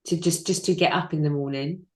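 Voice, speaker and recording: Woman, heartfelt interview guest, lowish voice, echoey room on a video call. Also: fairly even intonation, a little fast, warm tone. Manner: open, emotional, candid storytelling. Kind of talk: candid personal interview.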